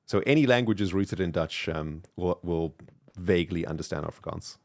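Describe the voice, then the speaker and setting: Streamer, male, low voice, South African accent softened by British, chatty and rambling. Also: normal speed, vocal fry, slight background noise. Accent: mixed South African and British English. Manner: chatty, thanks viewers warmly, rambling with fillers. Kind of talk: casual live-stream chat while gaming.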